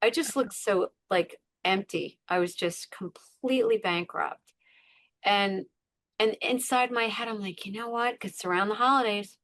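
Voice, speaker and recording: A middle-aged woman appearing as a podcast guest shares a personal story in conversation, with earnest emphasis, repeated words, and acted-out inner voices. Her mid-range voice is slightly bright at a moderate pace.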